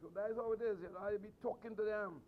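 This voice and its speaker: A middle-aged man with a Trinidadian accent, a martial arts instructor telling travel stories to his students with animated emphasis and repetition. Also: sits high, quick pace. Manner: animated, repeats phrases for emphasis. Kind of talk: storytelling speech to students. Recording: slightly dull sound, faint noise.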